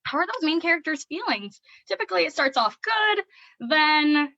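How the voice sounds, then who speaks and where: A young woman speech therapist with a fairly high voice explains early literacy to parents in a chatty, unscripted way, full of "um"s. Her demonstrations of reading to a child turn bright and playful. The recording is dry and a little muffled. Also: lively intonation, normal speed, no room sound. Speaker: speech-language pathologist.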